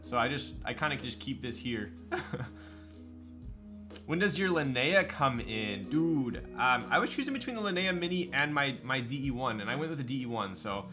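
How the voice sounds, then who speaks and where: A man's voice: medium pitch, animated, normal speed, music in the background. A man chatting casually on a live stream, answering his viewers' questions as they come in. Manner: chatty, loose, reads and answers chat.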